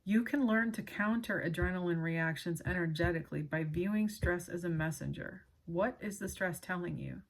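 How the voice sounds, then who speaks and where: An earnest woman reads aloud from a book on her own channel, stopping for casual asides. Her voice is soft and breathy with a slightly husky edge. It sits a little low, and her emotion shows as she reads. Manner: earnest and emotional, pausing often to apologize.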